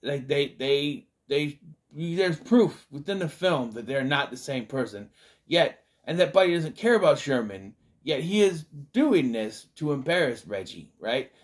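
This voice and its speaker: A man's voice: fairly high pitch, animated, unhurried. A man reviewing an old comedy film in a casual vlog, rambling with restarts and fillers.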